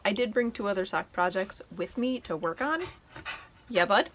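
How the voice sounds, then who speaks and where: A woman's voice: mid-range voice, moderate pace, fairly bright tone. A woman hosting a knitting podcast, chatting casually and enthusiastically as she shows her projects at home. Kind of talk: casual show-and-tell chat.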